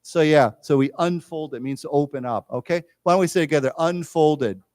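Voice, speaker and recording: A man teaching an English vocabulary lesson in a library lecture room. He explains each word slowly and leads the class in repeating it. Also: a little high, a little mellow, no echo, studio quality.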